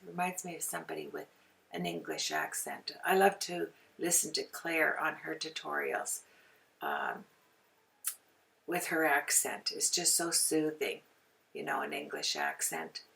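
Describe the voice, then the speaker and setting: A woman's voice: low-pitched, gravelly, fairly bright tone, recorded from a distance. A woman from Canada hosting a card-making tutorial, chatting as she works and often wandering off on tangents. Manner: chatty, rambling, goes off on tangents. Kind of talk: casual craft demonstration. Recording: voice from away from the mic.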